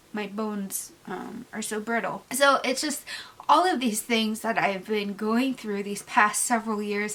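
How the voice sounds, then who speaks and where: A woman's voice: mid-range voice, a bit bright, a little hiss or hum, low-quality recording. Candid woman in a makeup vlog. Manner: candid, reflective, trailing off into pauses. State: teary-eyed. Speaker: beauty vlogger. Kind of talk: casual get-ready-with-me chat.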